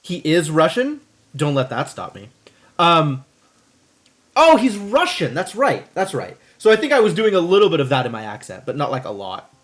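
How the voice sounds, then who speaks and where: A man's voice: a little high, big pitch swings, a little fast. A young man streaming a video game, chatting animatedly with his audience and laughing often. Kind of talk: casual live-stream commentary.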